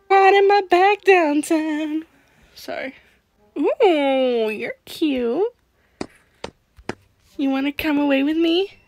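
Casting: woman, high and lively voice, giggly gameplay commentator who chats to game characters. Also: slow, long pauses. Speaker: gaming channel host.

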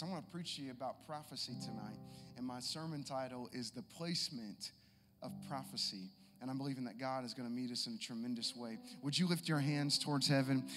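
A man preaching a sermon, moving from easy conversational talk to shouted exhortation. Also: mid-range voice. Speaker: pastor. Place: church sanctuary. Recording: long hall reverb with music. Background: live guitar and keys.

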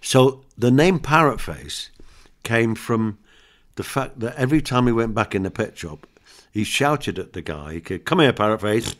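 A man's voice: mid-range voice, lively intonation, unhurried. An older man, a comedian guest, chatting in an interview and telling anecdotes and jokes with frequent laughs. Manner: chatty storyteller, laughs often, acts out jokes.

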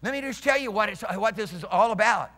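A man's voice: sits high, lively intonation, fairly quick, sharp tone. A man voicing Jesus as a commanding teacher, delivering emphatic declarations. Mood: rebuking. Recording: reverberant church hall.

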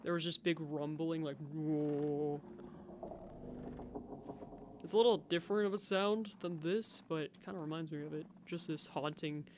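A man commentating a horror game as he plays, talking to himself, jumpy and quick to exclaim and laugh. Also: a little high, a little mellow, a little hiss or hum. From United States. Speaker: gameplay commentator. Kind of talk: let's play commentary.

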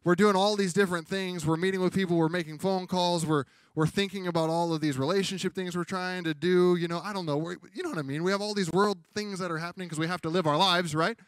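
A man's voice: high voice, steady tone, fast, few pauses, dry recording, clean studio sound. A man preaching a sermon as pastor in a church, talking conversationally and acting out funny exchanges. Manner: conversational preaching with comic acted-out quotes.

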